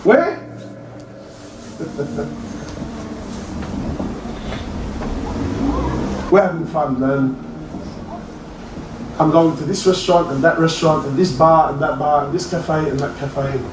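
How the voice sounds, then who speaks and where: A male preacher giving an animated sermon to a crowd, often rising to near-shouts and calling listeners brother. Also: on the high side, normal speed, noisy background. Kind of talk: passionate sermon. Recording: echoey hall, mic at a distance.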